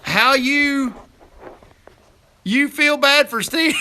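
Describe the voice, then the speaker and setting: A man hosting a casual livestream outdoors, reading viewer comments aloud, rambling and teasing with bursts of loud laughter. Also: high voice, lively intonation, unhurried, slight background noise. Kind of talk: casual live chat.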